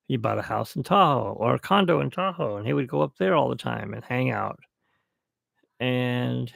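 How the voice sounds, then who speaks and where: A middle-aged man talks slowly through a rambling podcast toast, reminiscing as he goes. His voice is deeply gravelly with heavy fry. The sound is dry and close, with no room echo. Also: fairly bright tone. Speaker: podcast host. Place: at home, alone.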